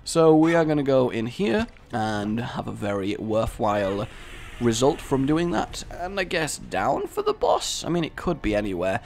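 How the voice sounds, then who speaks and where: A man's voice: mid-range voice, huge pitch swings, moderate pace, creaky, darkish tone, slight background noise. A man giving casual, rambling commentary over a game he is playing, with self-mocking jokes and asides. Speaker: gaming commentator.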